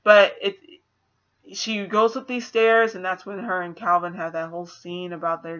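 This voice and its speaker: A woman giving a casual spoiler movie review, chatty and animated, acting out quotes with laughs. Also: fairly low pitch, moderate pace. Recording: slightly dull lo-fi audio.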